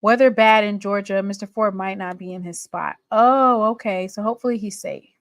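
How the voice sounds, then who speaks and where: A woman's voice: mid-range voice, fairly even intonation, normal speed, no echo, clean studio sound. A woman hosting a live sports talk stream, chatting straight to her viewers in a sassy, gossipy way. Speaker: livestream sports show host.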